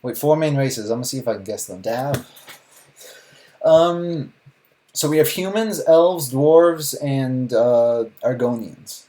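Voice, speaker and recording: A young man hosts a live reaction video. He sounds baffled and keeps laughing, blurting out questions. His voice sits at an ordinary pitch. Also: expressive, takes it slowly, mellow. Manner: incredulous, laughing, repeats "what?".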